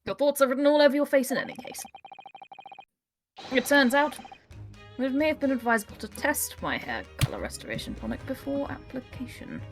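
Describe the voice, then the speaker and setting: A woman voicing a pompous, eccentric male gentleman detective with grandiose old-fashioned phrasing, reading game dialogue with friends. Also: high-pitched, animated, fairly quick, music in the background. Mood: theatrical.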